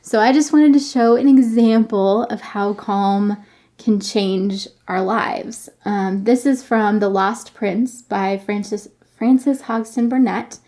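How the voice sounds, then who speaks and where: A woman's voice: mid-range voice, takes it slowly, warm tone. A woman podcast host chatting enthusiastically and reading a novel aloud.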